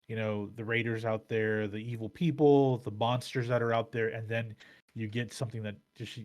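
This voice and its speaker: Man, podcast host, casual chat, rambling, restarts a lot, swears freely. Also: medium pitch.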